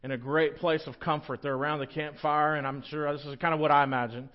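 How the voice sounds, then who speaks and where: A man's voice: fairly high pitch, level tone, fast talker, muffled recording. A man, a pastor, preaching a sermon in a conversational, joking storytelling manner.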